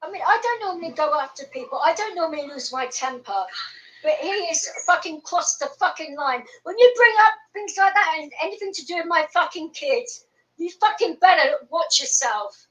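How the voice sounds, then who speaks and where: A woman's voice: very high-pitched, expressive, normal speed, a bit bright, low-quality recording. A woman, ranting angrily and swearing on a livestream. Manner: angry, heavy swearing. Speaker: livestream host. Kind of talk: livestream rant.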